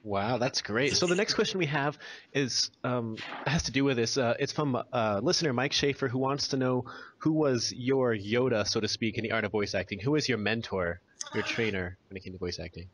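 A male host who reads out a listener's question in a relaxed, plain way. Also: mid-range voice, moderate pace, slight background noise. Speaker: interview host.

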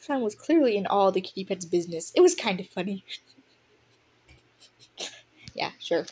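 Young woman reading a story, breathy, bounces all over the place, keeps laughing and commenting. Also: medium pitch, normal speed. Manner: giggly and excitable, reacting loudly to the story. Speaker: audiobook reader.

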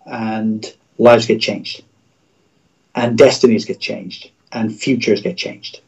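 A man's voice: lowish voice, steady tone, slow pace, darkish tone, rough recording. A middle-aged man, a Christian radio executive, speaking as a guest in a livestream interview over a video call, in an earnest, preacher-like way with repeated phrases.

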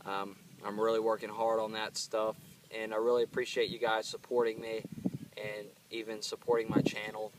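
A man's voice: lowish voice, monotone, normal speed, noisy background. Earnest rambling man, in pain, outdoors, distant mic, faint background ambience. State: in pain from pepper heat. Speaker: channel host reviewing hot peppers. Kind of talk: casual chat to camera.

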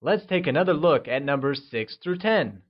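A man narrating a scripted language lesson, modelling words slowly for the listener to repeat. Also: on the high side, lively intonation, muffled recording. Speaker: language teacher.

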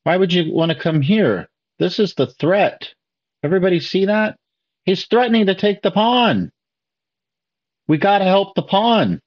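A man's voice: a little high, lo-fi sound. A man hosting a chess video, explaining moves step by step and asking viewers questions. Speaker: chess video host reacting to a lesson. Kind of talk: casual commentary to viewers.

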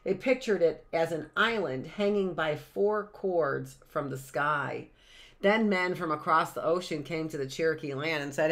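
A woman's voice: low-pitched, measured pace. A woman, a teacher reading a picture book aloud to young children on a livestream and wandering into chatty asides and questions.

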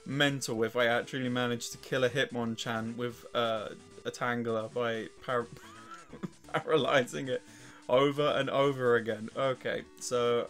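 An English man with a worn, weakened voice talks through a video game in a loose, profane way, chuckling and cursing at his opponents. His pitch sits in an ordinary middle range. Soft music plays faintly behind him. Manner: swearing, laughing, trash-talking the game. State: weak, worn voice. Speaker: let's play host. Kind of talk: casual gameplay commentary.

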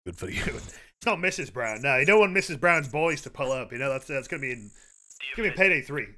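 A man streaming a game, chatting casually with viewers, excitable and swearing freely. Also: mid-range voice, fast talker. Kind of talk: casual gameplay commentary. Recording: game music playing behind.

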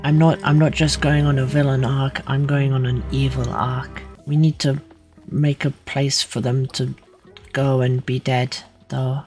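Relaxed, unhurried streamer; playful, whispery sound effects during gameplay. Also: medium pitch, soft background music. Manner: playful, mutters whispered sound effects and repeated filler words. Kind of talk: casual gaming commentary.

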